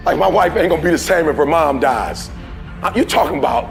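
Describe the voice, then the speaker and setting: Preaching man with a high voice. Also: expressive, fast, vocal fry, soft background music. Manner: preaching, swings from shouting to low intense talk. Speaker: motivational speaker. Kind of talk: motivational speech.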